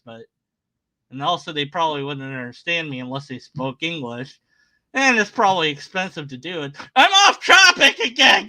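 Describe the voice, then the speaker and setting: A man's voice: high-pitched, bright, forceful tone. A man giving casual, sarcastic commentary on a video, often exclaiming in disbelief.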